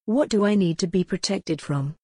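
A woman's voice: mid-range voice, moderate pace, mellow, breathy edge, no room sound, studio quality, natural voice. A woman reading as a frightened young woman. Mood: anxious. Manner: urgent, demanding.

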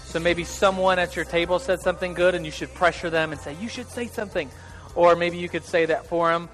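A man's voice: a little high, little pitch movement, fairly quick, a bit bright, in a large hall, soft background music. A man leading an interactive church group class, talking casually and jokingly with many restarts. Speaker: Bible class leader. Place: large hall with tables of listeners.

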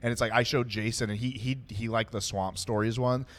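A man's voice: medium pitch, fairly even intonation, brisk. A man hosting a podcast, a comedian chatting casually in a rambling, profane way full of fillers. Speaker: podcast host. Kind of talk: casual chat.

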